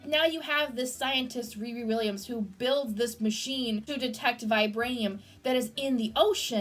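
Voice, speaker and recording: A young woman gushing through a casual movie review, excitable and full of fillers. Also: sits high, normal speed, few pauses.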